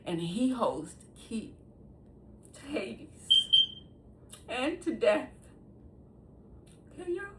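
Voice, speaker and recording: A woman's voice: fairly high pitch, slow, long pauses, very noisy. A woman in her sixties hosting her own show, talking straight to viewers in a casual monologue and laughing often between sentences. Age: 60s. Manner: talks straight to viewers, animated and emphatic. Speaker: host.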